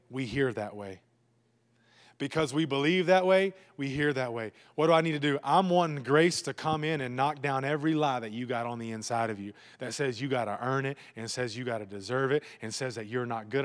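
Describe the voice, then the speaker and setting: A man preaching a sermon as pastor, emphatic and repetitive, swinging between loud urging and hushed, low lines. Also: big-room sound. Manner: emphatic, repetitive preaching with sudden drops to a hush.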